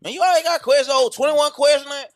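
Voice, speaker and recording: A man hosting a podcast in casual chat, slangy and hyped, repeating catchphrases, then slowing into earnest teaching. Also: very high-pitched, steady tone. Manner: switches to slower earnest teaching. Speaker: podcast host.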